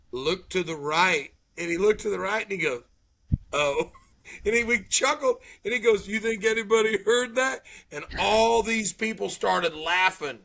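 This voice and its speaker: A man's voice: high voice, vocal fry. A middle-aged man telling stories in a casual chat, acting out what people said. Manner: animated storyteller, acts out quotes.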